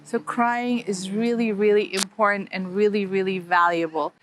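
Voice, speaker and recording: A woman life coach talking casually to the camera outdoors in a gentle, encouraging way, laughing often. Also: medium pitch, steady tone, moderate pace, a little hiss or hum. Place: outdoors, children playing nearby.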